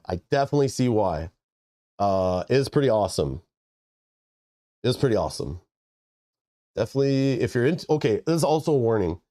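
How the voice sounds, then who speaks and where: A man's voice: medium pitch, mellow. Congested man hosting a livestream. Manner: rambling, joking asides. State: congested, nasal. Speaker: livestream host. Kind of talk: casual live-stream chat.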